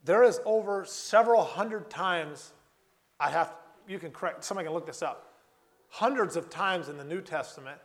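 A man preaching a sermon, earnest and repetitive, slowing down and repeating key phrases for emphasis. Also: a little high.

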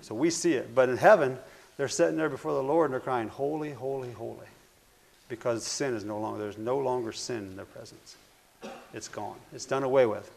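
A man preaching a sermon, earnest and repetitive, swinging between loud declarations and hushed phrases. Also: mid-range voice, a little fast, gravelly, a little hiss or hum.

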